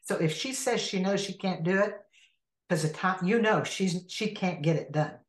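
A woman's voice: on the low side, normal speed. A woman who leads an inner healing ministry, telling a story as a guest and acting out the people in it. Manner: animated storyteller who acts out the people in her stories. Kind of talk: storytelling in a conversational interview. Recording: roomy echo.

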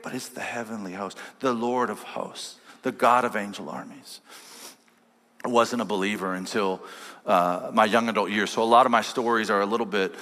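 Pastor, male, bright sermon delivery, storytelling, long hall reverb. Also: normal speed. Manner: storytelling, swings from loud preaching to low quiet lines. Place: large church hall.

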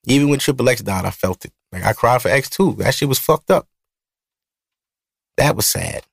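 Gravelly Brooklyn man, loose podcast talk. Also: mid-range voice, expressive, moderate pace, dry recording, studio quality. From Brooklyn, New York. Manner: loose and profane, rambling storytelling. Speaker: podcast host. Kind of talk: casual solo podcast talk. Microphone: studio mic.

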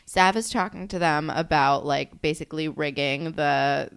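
A woman's voice: sits low, creaky, clean tone. A woman from New Jersey with a New Jersey accent, chatting casually as a podcast co-host and acting out quotes. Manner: chatty, quick to laugh, acts out quotes. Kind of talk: casual recap chat. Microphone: desk microphone.

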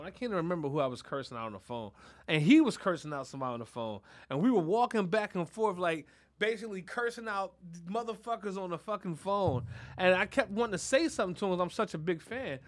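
A man co-hosting a podcast, telling stories in a loud, animated, profane way and laughing often. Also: high-pitched, quick pace. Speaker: podcast co-host. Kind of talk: casual chat.

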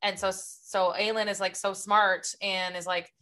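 Bright-voiced young woman podcaster. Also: medium pitch, flat delivery. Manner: chatty, acts out characters' lines in quick retellings. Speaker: podcast co-host. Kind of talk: casual book chat.

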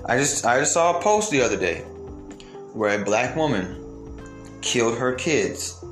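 A man's voice: mid-range voice, very animated, measured pace. Man, fired-up rant, swearing, rhetorical questions, roomy echo, faint music underneath. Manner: heated, profane, full of rhetorical questions. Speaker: commentator. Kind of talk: ranting monologue to viewers.

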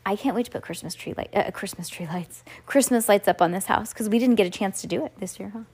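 A woman's voice: mid-range voice, quick pace, darkish tone. A woman reading a children's storybook aloud as a podcast host, breaking off for playful, chatty asides to a child listening. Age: adult.

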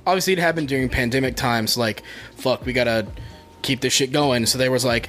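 A man's voice: mid-range voice, brisk, a bit bright, soft background music. A man hosting a casual podcast, rambling and hesitant, with a lot of profanity.

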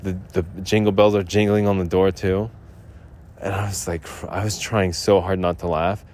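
A man rambles through a story on his own podcast, loose and profane, laughing at his own punchlines. His voice sits a little low. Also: level tone, normal speed, a little mellow. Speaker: podcast host.

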